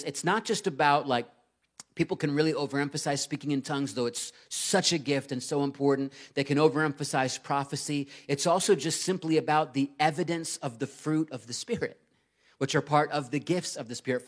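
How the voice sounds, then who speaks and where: A man in his thirties preaching a sermon, earnest and emphatic, rising to loud urgency and dropping low to read scripture. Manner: earnest and emphatic, swings between loud urgency and quiet reading. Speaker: pastor.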